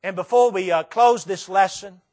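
High-voiced Southern preacher, earnest and emphatic. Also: male voice, a little mellow. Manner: earnest, repetitive, slow emphatic phrases. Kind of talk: sermon. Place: church sanctuary.

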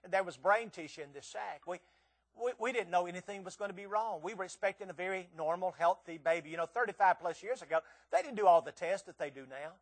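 A man's voice: high-pitched, quick pace. A man in his sixties preaching a sermon as a visiting preacher, earnest and pleading, often stammering and repeating his words.

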